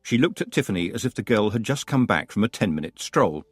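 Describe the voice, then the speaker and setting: A man narrating a fantasy audiobook with expressive, wry storytelling. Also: lowish voice, fast talker, breathy edge, no echo, clean studio sound. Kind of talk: scripted narration.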